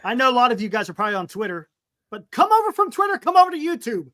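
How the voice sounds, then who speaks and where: A man hosting a casual live-stream sports talk show over a video call, excitable and laughing often as he urges viewers to join. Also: extremely high pitch, very fast, no room sound. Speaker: show host.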